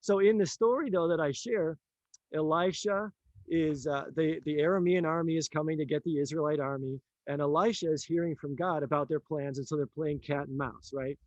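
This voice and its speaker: Guy telling a story in casual chat, kinda high voice, lively, acts out the people, dry close sound. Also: moderate pace, no echo, dull audio. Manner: animated storyteller, acts out characters' lines, laughs often. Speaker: author and teacher.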